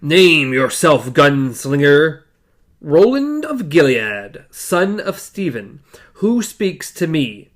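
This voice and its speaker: A stern, weathered gunslinger with firm, slow lines, read by a man. The voice sits somewhat high for a man and unhurried. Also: big pitch swings.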